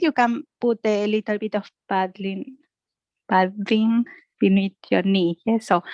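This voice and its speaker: A woman guiding a yoga class with soft, slow cues and a frequent questioning "yeah?", speaking English as a second language. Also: on the high side, no room sound, low-quality recording. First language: Spanish. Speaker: yoga instructor.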